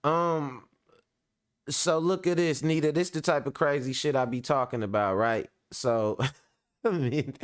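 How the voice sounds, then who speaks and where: A young man riffs through a reaction show in a loose, profane, joking way. His voice sits a bit high for a man and comes through smooth and resonant. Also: a little slow. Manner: profane, animated, laughing and joking. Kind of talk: casual reaction commentary.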